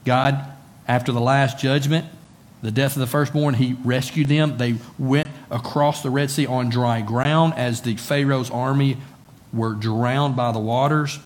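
Speaking at a measured pace, a male pastor delivers a conversational sermon in a mid-range voice with fairly even intonation. Rhetorical questions come frequently, and he repeats words to drive points home.

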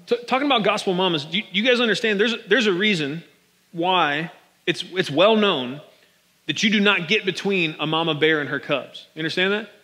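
A man's voice: high voice, brisk, bright, forceful tone. A man pastor giving a casual, joking sermon, talking straight to his congregation from a stage microphone. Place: large church hall. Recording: long reverb of a large hall.

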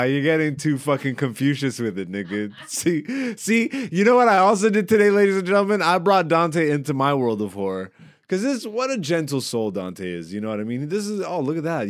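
A man hosting a casual comedy podcast, laughing, swearing and joking, high and relaxed. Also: brisk, no echo, studio quality. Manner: animated, swearing, laughing a lot. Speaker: podcast host.

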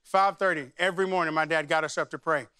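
A man's voice: a little high, steady tone, fast, pushed and bright, clean tone, no room sound, studio quality. A man who is a senior pastor, preaching a sermon in a church and moving from conversational storytelling into fervent spoken prayer. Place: church sanctuary.

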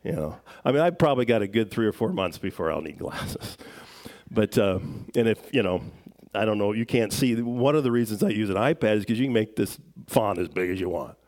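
Middle-aged male pastor, casual sermon, lowish voice, wry self-deprecating humor. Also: animated, fairly quick, darkish tone. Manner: conversational, self-deprecating humor with frequent fillers.

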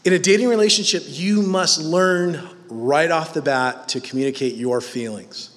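A man's voice: a little high, moderate pace, in a large hall. A man in his thirties preaching in a humorous, self-mocking, conversational way. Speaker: pastor. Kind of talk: sermon.

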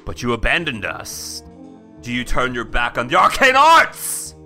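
A man's voice: huge pitch swings, measured pace, bright, forceful tone, soft background music, full character voice. A man playing a theatrical stage wizard who makes grand, spooky proclamations. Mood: grandiose. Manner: booming, showy proclamations.

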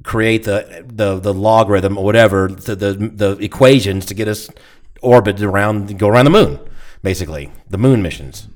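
Rambling, low-voiced man telling a story. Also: normal speed. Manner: rambling storyteller with many restarts. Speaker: podcast co-host. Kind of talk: casual chat.

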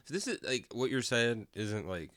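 A man in his thirties co-hosting a podcast, talking in a quick, slangy, profane way. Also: medium pitch, animated, fairly bright tone, no echo. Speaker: podcast co-host. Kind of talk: casual chat.

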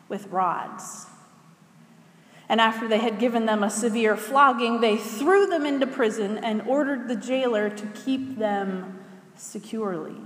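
A woman preacher reading scripture aloud and then preaching in a measured way, asking her listeners questions. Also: fairly high pitch. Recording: echoey hall with long reverb.

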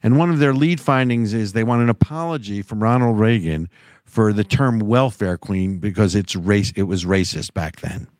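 A man's voice: lowish voice, moderate pace, a little mellow, no echo, clean studio sound. A man co-hosting a casual political talk show, wry and sarcastic, rambling with restarts. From United States. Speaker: podcast co-host.

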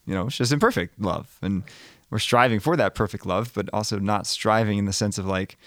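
Lowish-voiced man hosting, dry sound. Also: fast, dry recording. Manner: reflective, storytelling. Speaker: podcast host. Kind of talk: casual faith chat.

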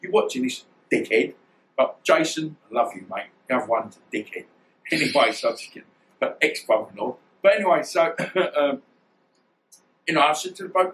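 A man, telling stories in an interview in a rambling, animated way and acting out the dialogue. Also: a little high, fairly quick, a little hiss or hum, low-quality recording. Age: 50s. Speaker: guest, former boxer. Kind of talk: storytelling interview.

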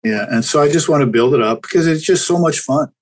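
A man's voice: a little high, fast, low-quality recording. An older man, a chiropractor guest, talking candidly and reflectively in a casual interview, often restarting his sentences. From Canada.

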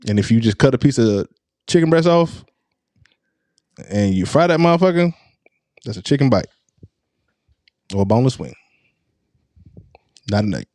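A man co-hosting a podcast, casually and insistently explaining a recipe step by step in lively banter. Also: medium pitch, normal speed, long pauses, no room sound. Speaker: podcast co-host.

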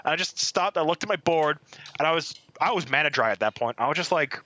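Bright, animated man telling stories. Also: fairly high pitch, fast, slight background noise. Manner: swears freely, animated anecdotes. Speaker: podcast co-host. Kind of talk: casual chat, storytelling.

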